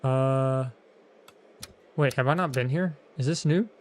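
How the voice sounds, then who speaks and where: A man's voice: mid-range voice, slow, slight background noise. A man streaming a game, joking around in slangy, playful commentary. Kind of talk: gaming commentary.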